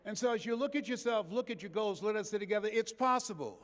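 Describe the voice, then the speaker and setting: A man's voice: sits high, fast talker, darkish tone. An older man giving an impassioned motivational keynote in a large convention hall, building rhythmic repetitions. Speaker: motivational speaker. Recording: long reverb of a big hall.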